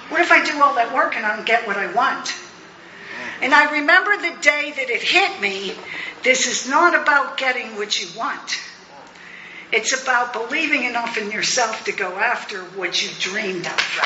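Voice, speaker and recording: A woman in her sixties sharing her recovery story as a personal testimony, animated and laughing often. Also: fairly high pitch, normal speed, slight background noise. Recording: echoey, muffled hall recording.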